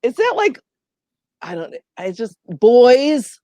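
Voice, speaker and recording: A woman with a fairly high voice chats in a casual book discussion, recorded close and dry. She is animated and jumps into short acted-out bits of the characters' lines. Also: slow pace, no echo, muffled recording. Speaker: podcast co-host.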